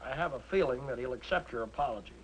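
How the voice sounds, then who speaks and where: An actor playing an eager young man in a 1950s TV sitcom, with a high, excitable voice. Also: fast, background noise, close to an everyday voice. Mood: disguised politeness. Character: eager young man, studio page and hot-rodder.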